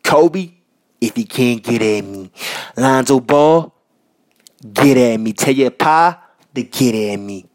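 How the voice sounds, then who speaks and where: A man from Minnesota hosting a podcast, talking casually and giving loud, repetitive shout-outs full of slang. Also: medium pitch, takes it slowly. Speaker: podcast host. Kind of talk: casual solo podcast monologue. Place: North Minneapolis.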